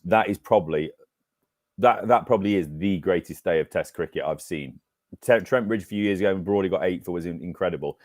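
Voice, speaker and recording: A man's voice: sits low, fairly quick, darkish tone, no room sound, clean studio sound. A man from England co-hosting a cricket podcast, telling stories with enthusiasm in casual chat. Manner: enthusiastic storytelling. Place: New Zealand.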